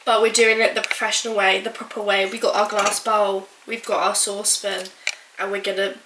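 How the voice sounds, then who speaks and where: A woman bakes in her home kitchen while vlogging, chatting casually to the camera, rambling, poking fun at herself, and saying "like" constantly. Her mid-range voice is level, fairly quick, and sharp-toned; the audio is poor, reverberant, and slightly hissy or humming.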